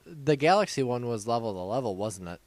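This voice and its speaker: A young man co-hosting a casual gaming podcast, excitable and gushing, often acting out his own reactions. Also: medium pitch, brisk, no room sound. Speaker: podcast co-host.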